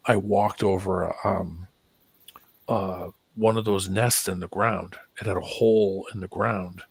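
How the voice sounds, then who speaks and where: A man's voice: fairly low pitch, fairly even intonation, moderate pace, vocal fry, breathy edge, dry recording. A man hosting a casual stream chat, telling stories and acting out what people said, swearing casually. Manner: storyteller who acts out voices, swears casually. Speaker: stream host.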